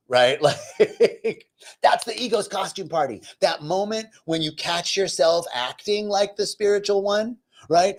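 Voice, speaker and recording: A man's voice: a little high, animated, moderate pace. A man giving a spiritual talk, telling personal stories with self-deprecating humor and frequent conversational asides. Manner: conversational, lots of "right?" asides. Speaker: spiritual teacher.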